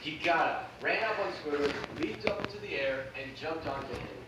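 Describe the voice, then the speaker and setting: A man reading a creepy story aloud in a flat, steady way. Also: a little high, normal speed. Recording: echoey room, distant mic, noisy.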